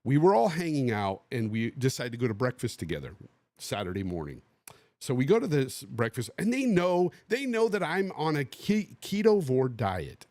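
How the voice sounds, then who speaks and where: Male podcast host from the Bay Area. Animated casual storyteller who acts out quotes. Lively pitch, dry sound. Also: no echo. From Bay Area, USA.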